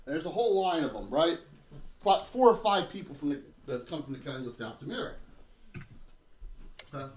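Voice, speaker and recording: A man's voice: fairly high pitch, very animated, brisk, long pauses, darkish tone, slight background noise. A man narrating as game master of a tabletop game, loose and joking, with frequent restarts.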